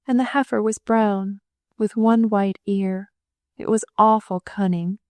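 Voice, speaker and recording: Brief: woman voicing a timid, earnest young nurse in an audiobook; high-pitched, stammering, soft mellow tone. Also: measured pace, no room sound, natural voice. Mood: distraught. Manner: eager, stammering, plaintive. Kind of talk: audiobook character voice.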